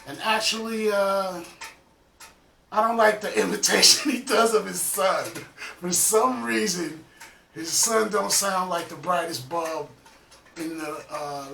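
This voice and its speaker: Laid-back high-voiced reaction host man. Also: vocal fry, pushed and bright, a little hiss or hum. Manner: laid-back, slangy commentary. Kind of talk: casual chat. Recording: echoey room, distant mic.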